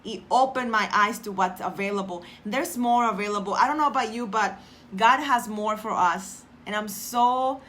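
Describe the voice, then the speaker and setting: A woman's voice: medium pitch, normal speed, a bit bright. A middle-aged woman talking casually and earnestly to her viewers, repeating phrases for emphasis and often restarting her sentences. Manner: addresses viewers directly, reads out commenters' names. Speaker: motivational vlogger. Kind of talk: casual motivational talk to viewers.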